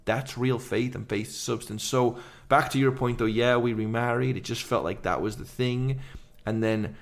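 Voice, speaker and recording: Gravelly man telling his story fast. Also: medium pitch, steady tone. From England. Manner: earnest, rapid run-on storytelling. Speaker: guest, urban missionary. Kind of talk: candid personal testimony.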